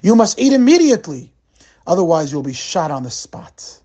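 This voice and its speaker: A man voicing a harsh male SS officer who barks threats in a high-pitched commanding voice. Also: very animated, normal speed, mellow, muffled recording. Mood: threatening.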